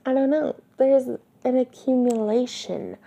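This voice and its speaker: A woman hosting a podcast reads a novel aloud casually, pausing to correct misreadings and chat between passages. Her voice is high yet dark-toned, slow and gravelly, with wet, spit-filled mouth sounds in a home recording that isn't studio-soundproofed.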